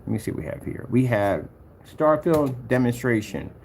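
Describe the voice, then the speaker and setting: A man's voice: medium pitch, big pitch swings, moderate pace, creaky, a little mellow, a little hiss or hum. A man, rambling and boastful as he scrolls through his own demos, humming filler sounds and challenging rivals. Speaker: projector screen paint maker. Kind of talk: rambling screen-recording vlog.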